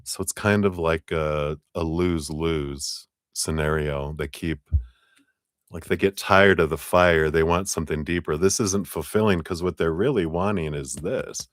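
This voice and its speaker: A man talking through a live tarot reading, animated, with frequent fillers and laughs. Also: measured pace, dry recording, clean studio sound. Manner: animated, acts out quoted voices with big pitch jumps; laughs often, many fillers. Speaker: tarot reader. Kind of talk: live-streamed reading talk.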